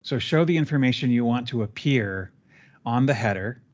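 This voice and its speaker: A man guiding a trainee step by step through a software training session, relaxed and chatty with fillers. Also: mid-range voice, normal speed, highs cut off. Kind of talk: live screen-share training session.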